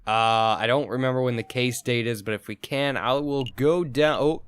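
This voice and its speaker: A man's voice: mid-range voice, normal speed, clear, resonant tone, no room sound. A young man playing a video game, reading its lines aloud and rambling in casual asides. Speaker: let's play host. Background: game music.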